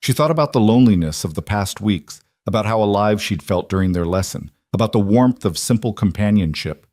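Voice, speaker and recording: Male narrator, low voice, dry close mic; calm, measured scripted story reading. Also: no echo.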